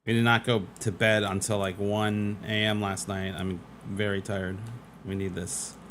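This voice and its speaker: A man streaming a game live, chatting to his viewers in an excitable, casual way and hyping things up with constant "dude" and "man.". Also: fairly low pitch, measured pace, a little hiss or hum. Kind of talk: live gameplay stream commentary.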